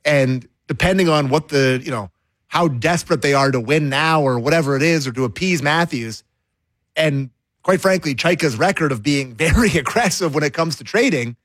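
Cautious, drawn-out sports-talk co-host. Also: male voice, a little high, animated, a bit bright, no room sound.

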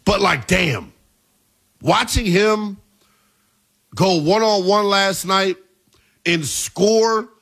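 A man in his twenties hosting a sports talk show, delivering emphatic, hyped commentary that rises into shouts at its peaks. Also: high-pitched, extremely slow, long pauses. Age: 20s.

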